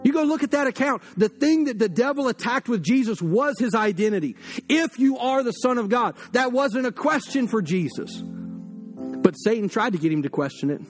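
A man's voice: high-pitched, expressive, moderate pace, soft background music. A man preaching a sermon as pastor, fiery and direct, talking to the congregation as if across a table.

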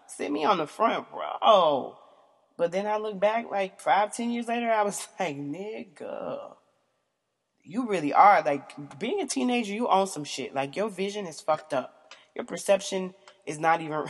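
A young woman vlogger reading out questions and answering them in a casual, blunt, profane way, often laughing. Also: on the low side.

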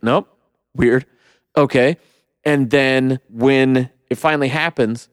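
In a dry, studio-quality recording, a young male podcast co-host with a clean, mid-range voice tears into things on a casual movie review show. His rant is heated and full of swearing. He mimics the people he quotes to mock them.

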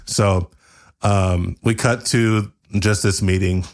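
A man hosting a podcast, improvising a comedy story with rambling asides and laughter, often jumping into high character voices. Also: steady tone, slow pace. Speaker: podcast host.

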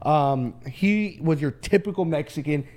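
A man's voice: on the high side, unhurried, a little mellow. A man in his twenties, a podcast co-host, telling a story in loose, slangy, swearing casual chat.

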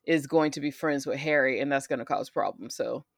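A woman's voice: a bass voice, a little fast, vocal fry, no room sound, studio quality. A woman chatting casually in a teasing, matter-of-fact way. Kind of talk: casual chat.

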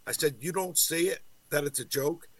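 A man's voice: a little high, moderate pace, slightly rough, no echo. A middle-aged man co-hosting a talk show, swearing freely and telling crude stories full of quoted dialogue. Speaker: co-host. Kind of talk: casual profane banter.

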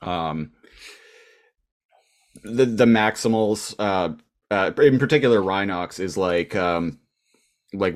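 Male podcast co-host, deep voice, loose chatty recap full of restarts. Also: takes it slowly, pauses often. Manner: rambling with many fillers and restarts. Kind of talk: casual chat recapping a cartoon episode.

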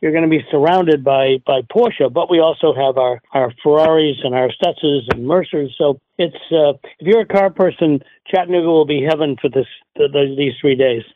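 An older man calls in as a guest, his voice fairly high and squeezed through a thin phone line. He talks in halting stretches, full of fillers and restarts. The sound is dry and close. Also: no room sound. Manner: hesitant, many fillers and restarts. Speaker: guest, car show director. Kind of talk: phone-in radio interview.

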